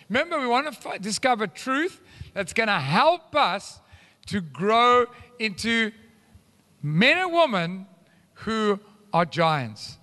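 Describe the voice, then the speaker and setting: A man preaching an animated sermon to his congregation in a church. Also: high-pitched. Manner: animated, teaching, addresses the congregation as guys. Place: church hall. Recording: live church hall reverb.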